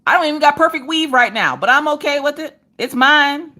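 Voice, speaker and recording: A woman's voice: high-pitched, fairly quick. A woman hosting a casual crafting livestream, talking straight to her viewers with sass and lots of energy. She grew up in the eastern United States countryside. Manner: animated, sassy, talks straight to viewers. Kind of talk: casual live chat.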